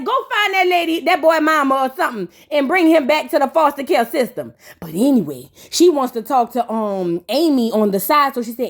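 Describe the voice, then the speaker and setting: Sassy high-voiced woman recapping gossip. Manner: sassy, dramatic, talks straight to the audience. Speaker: reality TV recap host.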